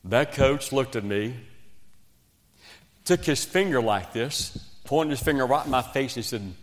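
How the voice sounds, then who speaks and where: A man from Virginia, preaching a revival sermon and telling a story with swings between loud emphasis and quiet asides. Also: mid-range voice, expressive, measured pace, long pauses. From West Virginia. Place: church sanctuary. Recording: long reverb of a church hall.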